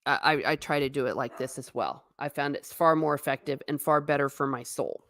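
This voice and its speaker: A woman with a low-pitched voice chats her way through a TV review on a live stream, slipping into the characters' lines as she retells scenes. The sound is dry and close, with no room echo. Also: fairly quick. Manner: animated, acts out quotes from scenes. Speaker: TV show reviewer.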